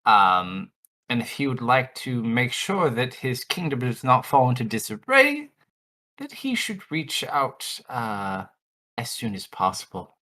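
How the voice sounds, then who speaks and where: A game master voicing a secretive, smooth-talking male envoy of a royal family in soft, hesitant, coaxing speech. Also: medium pitch, very animated, unhurried. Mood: earnest. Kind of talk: in-character tabletop role-play.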